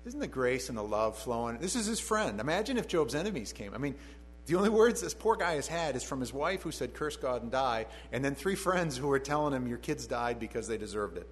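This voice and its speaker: A man's voice: medium pitch, sing-song, a little fast, in a large hall, a little hiss or hum, poor audio. A middle-aged man preaching through a Bible passage in a conversational way, with wry, sarcastic asides to his listeners.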